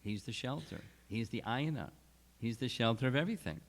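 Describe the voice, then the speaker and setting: A man giving a scripture lecture at a retreat, explaining slowly and deliberately, with restarts. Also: medium pitch, lively intonation. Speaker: spiritual teacher.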